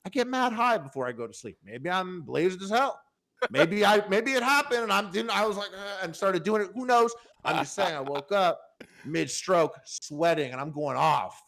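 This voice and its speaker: A man's voice: high-pitched, lively intonation, moderate pace, fairly bright tone. A man telling a long, rambling story on a podcast in casual chat, swearing freely and full of fillers. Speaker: podcast panelist.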